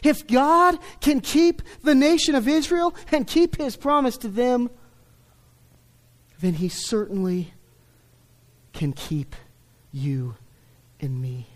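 A middle-aged man preaching a sermon, stressing key words loudly and then dropping to a hush. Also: very high-pitched, expressive, takes it slowly, pauses often. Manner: emphatic, swings between loud stresses and hushed lines. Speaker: pastor.

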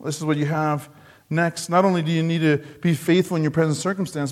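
A man preaching a sermon earnestly, repeating phrases for emphasis and dropping low and soft on key words. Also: fairly even intonation, a little fast.

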